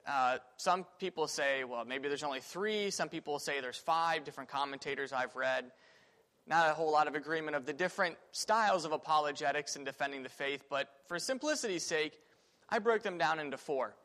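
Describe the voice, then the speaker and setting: A man with a somewhat high voice teaches a Sunday school class in a church classroom. He talks casually, thinking aloud with fillers and restarts. The recording carries a long, lingering reverb from the room. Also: a little fast, a bit bright.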